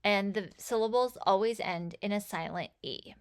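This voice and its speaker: A woman teaching a phonics lesson, sounding out letters and words with slow, clear enunciation. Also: medium pitch. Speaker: reading teacher.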